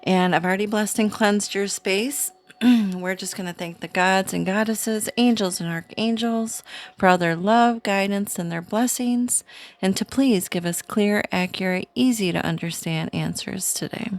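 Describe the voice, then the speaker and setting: A woman hosting her own channel, giving a casual, chatty spiritual card reading to camera in a slow, soothing way. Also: medium pitch. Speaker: tarot reader, channel host.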